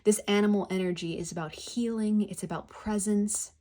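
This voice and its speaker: Woman, tarot card reader, soft and effusive, spiritual, pick-a-card reading. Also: medium pitch, steady tone, moderate pace.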